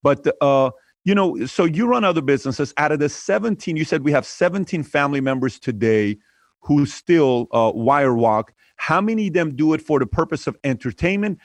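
A man with a Persian accent who hosts an interview and asks quick, chatty questions. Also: on the high side, expressive, dry recording. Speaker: interview host. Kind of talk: casual interview conversation.

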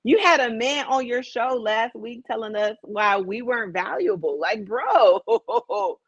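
A woman's voice: on the high side, expressive, measured pace, slightly rough, no room sound. A woman co-hosting a podcast in casual banter, wry and teasing, laughing often. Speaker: co-host. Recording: slightly dull lo-fi sound.

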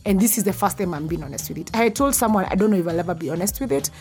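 A young woman, candidly telling a personal story and dropping to a hushed voice when it gets frightening. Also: fairly low pitch, lively intonation, racing. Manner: candid, intense, drops to a hushed voice at scary parts. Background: faint music.

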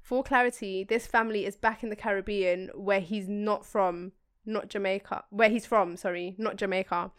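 A young woman co-hosting a podcast, reading a listener's email with slangy, animated asides. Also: mid-range voice, moderate pace, few pauses, no echo, clean studio sound. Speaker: podcast co-host. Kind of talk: casual chat, reading a listener email aloud.

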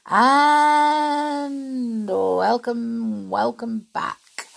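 A woman reading a children's adventure novel aloud, with chatty asides. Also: mid-range voice. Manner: chatty asides and frequent throat clearing. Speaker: storybook reader.

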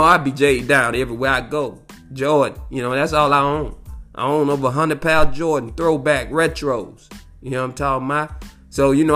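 A man's voice: fairly high pitch, pushed and bright. A man telling a rambling, profane story in casual chat, saying "you know what I'm saying" again and again. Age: adult, grew up in the nineties.

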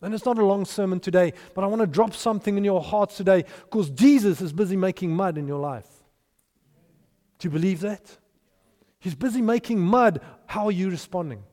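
A pastor with a high-pitched voice preaches a sermon a little fast and emphatically, with long hall reverb on the recording. When acting out scripture he sometimes raises his voice, rising to shouts for quoted voices.

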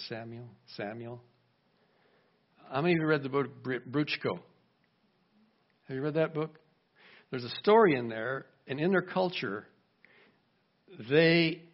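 Animated preacher, lo-fi church recording. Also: male voice, mid-range voice. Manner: animated, acts out quoted voices, asks the congregation questions. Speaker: pastor. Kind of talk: sermon. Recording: dull lo-fi recording.

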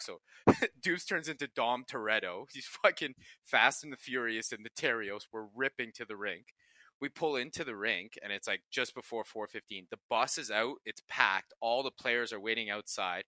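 Young man, podcast co-host, bright tense voice, clean dry sound, casual storytelling with lots of laughs. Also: lowish voice, moderate pace, dry recording. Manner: laughs often while telling stories, swears casually.

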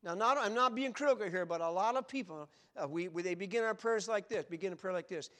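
An older male pastor delivers a sermon in a fairly high voice. He presses the listeners with earnest questions, rising loud for emphasis and dropping quiet when he reflects. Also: quick pace.

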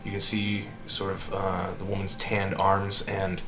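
A man narrating a tabletop game as game master in a relaxed, halting way with many fillers. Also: low voice, roomy sound, a little hiss or hum.

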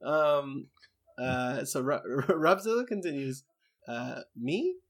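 An English podcast co-host chats enthusiastically and reads out listener emails, full of fillers. His medium-pitched voice is expressive and slow.

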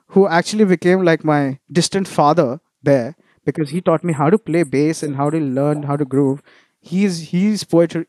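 A man's voice: on the high side, a little mellow, no echo, studio quality. A young man from India, a musician telling stories in a casual interview, laughing often and restarting phrases. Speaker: musician guest.

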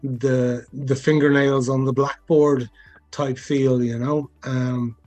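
A man's voice: mid-range voice, little pitch movement, slow pace, mellow. A man, a sound designer, talking in a chatty way full of fillers and asides in a podcast interview. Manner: chatty, many fillers, asks for agreement.

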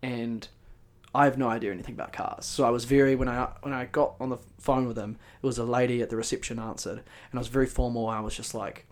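Male podcast host, mid-pitched, loose rambling banter, laughs a lot. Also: little pitch movement. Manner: chatty, quick to laugh, rambling storyteller.

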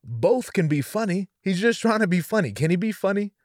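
A man's voice: sits high, sing-song, fairly quick, no room sound, studio quality. A young man hosting a podcast, ranting with jokes and swearing in a casual monologue, with lots of restarts. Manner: profane, ranting, jokey, many restarts. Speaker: podcast host.

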